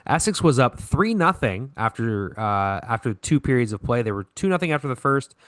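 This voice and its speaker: With big swings in his medium-pitched voice, a podcast co-host casually recaps hockey scores, correcting himself and leaning on fillers. His tone is fairly bright and his pace moderate, in a dry studio-quality recording.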